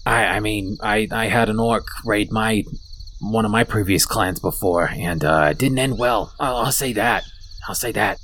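A man doing a weary, low-voiced kobold leader. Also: normal speed, a bit bright, slight background noise, natural voice. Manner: rambling, low and hesitant. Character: weary male kobold camp leader, downtrodden.

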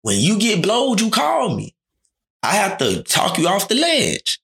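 A man's voice: high voice, wildly swooping pitch, unhurried, creaky, a bit bright. A man talking in a casual, slangy chat, often acting out quoted dialogue.

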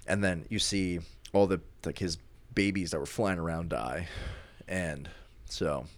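A man with a very low, deep voice retells a movie plot in casual chat. He rambles, piling up fillers and restarting his sentences as he goes. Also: fairly even intonation, unhurried, no room sound. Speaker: storyteller recapping a movie.

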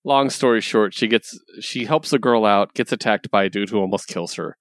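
A man's voice: fairly low pitch, normal speed, fairly bright tone, no echo, studio quality. A young man in casual chat, retelling a comic book story with lots of laughs and casual swearing. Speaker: podcast co-host reviewing comics.

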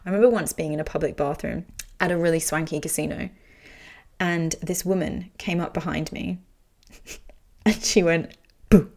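A woman's voice: sits low, fairly even intonation, normal speed, gravelly, long pauses. A young adult woman candidly telling an emotional personal story, speaking frankly and swearing freely.

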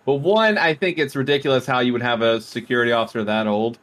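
A man's voice: medium pitch, fast, a bit bright. Teasing man hosting a podcast. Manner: teasing, needling the others. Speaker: podcast co-host. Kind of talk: casual chat.

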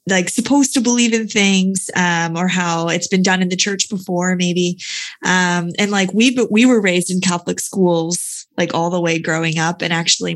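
A woman's voice: on the low side, fairly bright tone. A woman in her thirties hosting a podcast, reacting enthusiastically and musing reflectively with many fillers. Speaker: podcast host. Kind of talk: casual interview chat.

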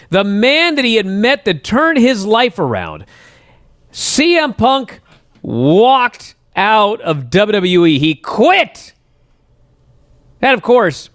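A male radio host with a fairly high voice that swings up and down all over the place. He recaps at length like an eager storyteller, and his voice sits dry and close to the mic. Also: dry recording. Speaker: wrestling radio show host. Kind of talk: casual podcast talk.

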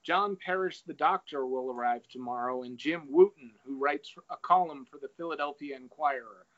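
A man's voice: medium pitch, normal speed, a bit bright. A man in casual chat, retelling an essay and reading quoted passages aloud. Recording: dull lo-fi recording.

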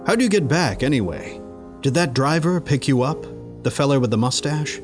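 A man's voice: medium pitch, lively intonation, normal speed, music in the background, close to an everyday voice. Man playing a blunt, folksy old-time coroner. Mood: curious. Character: gruff folksy male coroner.

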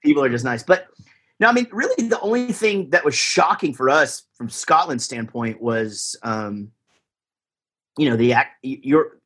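In this casual interview chat, a guest musician from Texas rambles easily, with plenty of fillers and false starts. He speaks at normal speed in a mid-range voice that's fairly bright, slightly rough, and lively in intonation.

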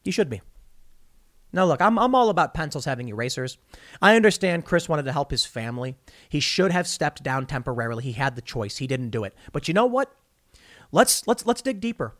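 A man's voice: a little high, sing-song, a little fast, a bit bright. A man hosting a political commentary podcast, talking in a sarcastic, indignant, mocking way. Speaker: podcast host.

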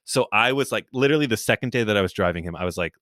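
Guest man, bright crisp tone, dry mic, rambling and laughing. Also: lowish voice, lively intonation, very fast, no room sound. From New York. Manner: rambling, many restarts, laughs often. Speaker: guest, comedian. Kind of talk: casual podcast chat.

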